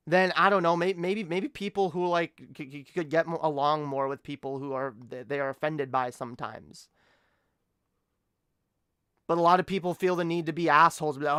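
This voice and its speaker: A man's voice: a little high, moderate pace, fairly bright tone, clear, resonant tone, no room sound, studio quality. A man streaming a reaction commentary, ranting with lots of swearing and stammering.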